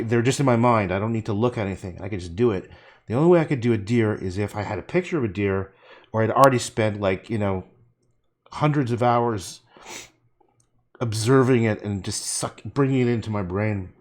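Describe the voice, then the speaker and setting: A man painting on a livestream, talking casually in a rambling way, swearing and muttering to himself as he works. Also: mid-range voice.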